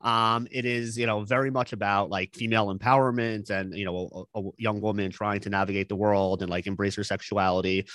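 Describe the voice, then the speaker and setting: Low-voiced man, halting and earnest. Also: steady tone, fairly bright tone, dry recording. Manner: halting, lots of fillers and restarts, earnest. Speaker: podcast co-host recommending movies. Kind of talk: casual chat.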